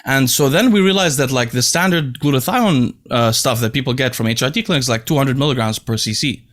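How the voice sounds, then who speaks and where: A young man hosting a casual podcast chat, animated and laughing as he tells stories. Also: mid-range voice, brisk. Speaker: podcast host. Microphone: remote call mic.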